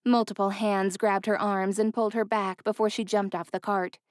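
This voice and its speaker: A woman narrating a fantasy romance audiobook in an even, clear storytelling voice. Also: mid-range voice, moderate pace, dry recording, clean studio sound. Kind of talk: scripted narration.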